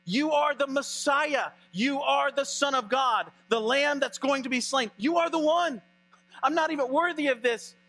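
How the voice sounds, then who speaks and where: Preacher putting on an excitable prophet, very high voice, stammering, frantic, bright tone. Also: male voice, normal speed, faint music behind. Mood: fervent. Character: awestruck excitable male prophet, young adult. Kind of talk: sermon retelling.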